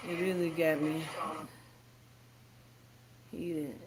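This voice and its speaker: A woman's voice: low voice, steady tone, drawn-out words, noisy background. Woman ranting heatedly on a stream. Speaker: livestream commentator. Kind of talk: casual livestream commentary.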